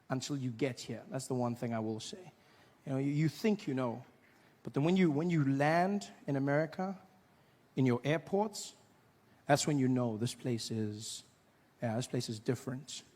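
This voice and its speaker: A man performing stand-up comedy on stage, telling a story in an animated way and acting out other people's voices. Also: mid-range voice. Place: on stage before a live audience.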